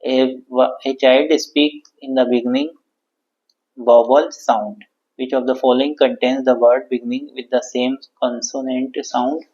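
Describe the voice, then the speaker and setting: A man's voice: medium pitch, little pitch movement, a little mellow. Man reading quiz answers. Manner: reads questions and answers aloud, halting, with self-corrections. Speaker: teacher. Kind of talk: exam quiz walkthrough. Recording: dull lo-fi sound.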